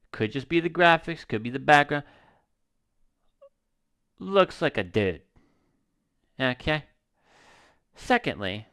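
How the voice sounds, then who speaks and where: A man commentating a game as he plays it, talking casually and thinking out loud. He swears freely, in an ordinary mid-pitched voice. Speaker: gaming YouTuber. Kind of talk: let's-play commentary.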